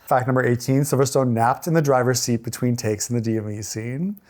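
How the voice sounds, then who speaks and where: A male podcast guest at an ordinary middle pitch, sharing trivia in relaxed conversation. He reads out each fact and then drops playful hints like a quizmaster. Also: brisk. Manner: reads out trivia facts, teasing quiz-style hints. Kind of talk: casual movie chat.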